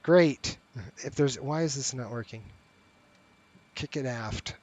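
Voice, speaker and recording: A man's voice: mid-range voice, slow pace, darkish tone. A middle-aged man streaming a flight sim, chatting casually and talking straight to his viewers. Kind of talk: casual live-stream chat and commentary.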